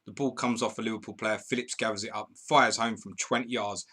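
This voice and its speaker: A man's voice: fairly low pitch, fairly even intonation, brisk, pushed and bright, slightly rough. A man hosting a live football stream, reading viewers' comments and calling match updates in a chatty, bantering way. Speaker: podcast host.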